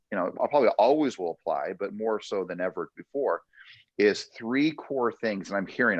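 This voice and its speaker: A man's voice: on the low side, no echo, lo-fi sound. A man hosting a real estate training session, coaching with emphatic, repetitive punchy phrases. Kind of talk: motivational coaching talk.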